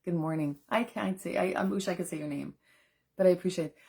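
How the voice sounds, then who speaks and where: A nutrition coach with a lowish, dark, slightly rough voice and vocal fry talks quickly. On a casual live stream, she speaks earnestly and directly to viewers while answering their comments.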